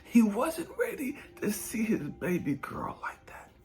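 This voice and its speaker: A man giving an emotional motivational talk, dropping to hushed whispers and rising to cracking cries, swearing hard. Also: high-pitched, huge pitch swings, a little slow. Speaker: motivational speaker and life coach.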